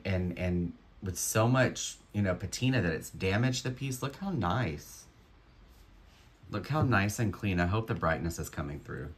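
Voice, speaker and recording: A man with a deep, low voice talks through an unboxing of jewelry he resells. He takes his time and lingers on each find, musing aloud in an admiring way. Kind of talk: unboxing commentary.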